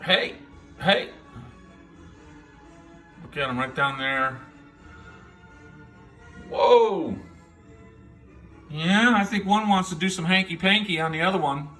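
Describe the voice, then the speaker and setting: A man's voice: fairly high pitch, fairly quick, hardly any pauses, bright, forceful tone, faint music behind. A man casually commenting on squirrels and birds in his back yard, amused and chatty, sometimes putting words in the animals' mouths. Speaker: backyard nature vlogger. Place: home by a back yard window.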